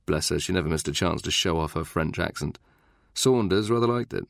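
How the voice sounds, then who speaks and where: A man narrating a thriller audiobook in an even, measured way. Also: low voice, gravelly, dry recording, clean studio sound. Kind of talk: scripted narration.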